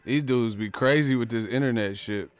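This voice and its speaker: A man's voice: medium pitch, normal speed, clean tone, faint music behind. A man hosting a boxing vlog who rants casually in heavy street slang, cursing, repeating himself and laughing often. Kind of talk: casual profane rant.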